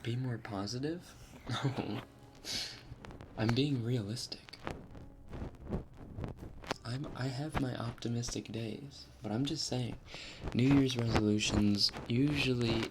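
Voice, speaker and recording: A man chatting casually with viewers on a live stream, rambling with fillers and soft laughs, sometimes dropping to a whisper. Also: mid-range voice, fairly even intonation, slow pace, long pauses, heavy background noise. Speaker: ASMR streamer.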